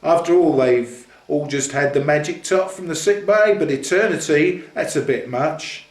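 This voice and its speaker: A man's voice: a little high, animated, moderate pace, far from the mic, voice pushed up, natural voice. An older man voicing a mocking, streetwise fellow prisoner with a hard-nut swagger. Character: streetwise male convict, mocking and quick, switches regional voices. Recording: echoey room.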